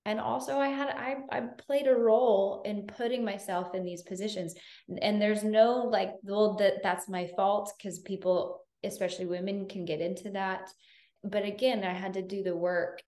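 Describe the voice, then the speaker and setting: A woman's voice: medium pitch, steady tone, normal speed, darkish tone. A woman hosting a podcast, speaking earnestly and reflectively in casual conversation. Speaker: podcast host. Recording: roomy echo.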